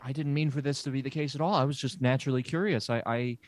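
A man's voice: mid-range voice, fairly even intonation, fast, a little mellow, natural voice. A man playing a goofy 1950s greaser therapist who rambles with stammered restarts and gives offhand advice in an improvised comedy scene. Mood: breezy. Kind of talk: improvised comedy role-play.

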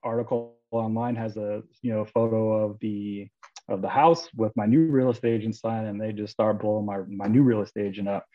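A man in his thirties with a low voice tells a wild story in a loose, chatty way, full of fillers and sudden jumps into other people's voices. He comes across through a dull, lo-fi recording. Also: fairly quick. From Florida, USA. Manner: animated, acts out quoted voices, many fillers. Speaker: guest author. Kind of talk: casual storytelling.

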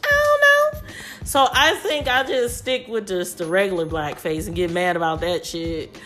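A woman's voice: on the low side, normal speed, a bit bright. A middle-aged woman chatting bluntly and teasing on her son's podcast, laughing often. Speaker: guest, host's mother. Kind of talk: casual comedic chat.

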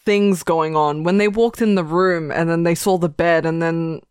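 A woman's voice: on the low side, steady tone, moderate pace, a little mellow, clean tone, no echo. Woman, podcast co-host, eager chatty delivery, stumbling repeats, dry close mic. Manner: enthusiastic, repeats words, many fillers. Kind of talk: casual chat.

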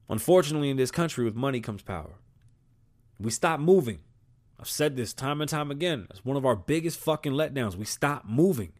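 A man hosting a podcast, ranting with heavy profanity and switching between English and Spanish. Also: a little high. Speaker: podcast host. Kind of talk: solo podcast rant.

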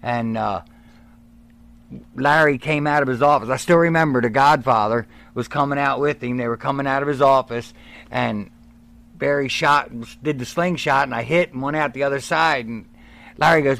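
A man's voice: medium pitch, normal speed, vocal fry. A man telling stories in a casual interview about his early days as a wrestler, acting out what others said. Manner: animated storyteller, acts out quotes. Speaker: guest, former wrestler.

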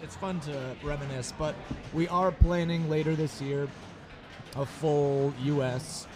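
A man's voice: on the high side, steady tone, a little slow. A man from the United States, a touring musician, chatting casually in an interview with a rambling, swear-heavy manner. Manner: rambling, frequent swearing, restarts. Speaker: touring band musician, guest.

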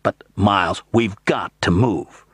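A man's voice: fairly low pitch, takes it slowly, fairly bright tone, slightly rough, no echo, studio quality, exaggerated voice. A man voicing an impatient, agitated friend who urges immediate action in an audiobook. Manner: impatient, urgent.

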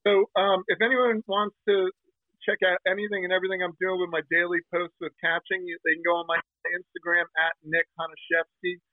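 A man's voice: high voice, flat delivery, no echo. Brash man on a tinny phone line. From New Jersey. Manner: brash, slangy, talks in quick bursts. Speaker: guest, fishing TV host. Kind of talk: casual interview.

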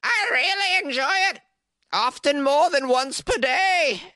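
A man's voice: animated, pushed and bright, no room sound, exaggerated voice. A man doing a warbling ancient cereal lady. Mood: earnest. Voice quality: high, thin, warbling and slow. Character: ancient woman, cereal-obsessed, fussy and earnest.

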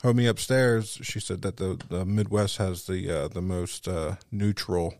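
A laid-back male co-host, his words drawn out and broken by fillers. His voice is on the low side for a man. It sounds dry and close to the mic. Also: fairly even intonation, measured pace, a little mellow, dry recording. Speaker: podcast co-host. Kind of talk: casual chat.

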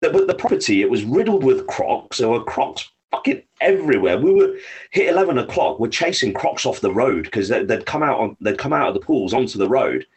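A man's voice: medium pitch, brisk, husky. An English man, a guest on a podcast, telling hunting stories in casual talk, swearing freely as he goes. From United Kingdom. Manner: swears freely, lively anecdotes. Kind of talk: casual storytelling.

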